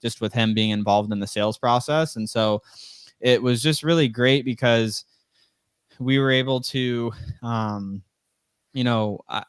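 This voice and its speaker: Young male guest, smooth clear voice, dry close sound, rambling storyteller who acts out quotes. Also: mid-range voice, unhurried, dry recording. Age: 20s. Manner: rambling, heavy use of "like" and "you know"; acts out quoted dialogue in a raised voice. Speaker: interview guest, real estate investor. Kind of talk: casual storytelling interview.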